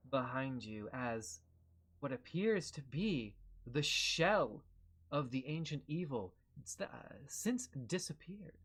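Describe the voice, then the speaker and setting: A man's voice: medium pitch, a bit bright. A man narrating as game master of a tabletop game, describing scenes in a meandering way with many fillers.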